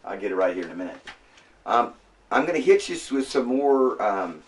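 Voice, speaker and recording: A man teaching a class in a casual, halting way, with many fillers and restarts. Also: fairly low pitch, very animated, far from the mic. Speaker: Bible language teacher. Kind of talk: classroom lecture.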